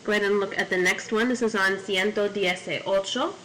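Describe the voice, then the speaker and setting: Bright-voiced woman teaching Spanish. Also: medium pitch, fairly even intonation, a little fast, slight background noise, rough recording. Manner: reads Spanish then gives English, with memory tips. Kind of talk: classroom vocabulary lesson. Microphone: corded mic.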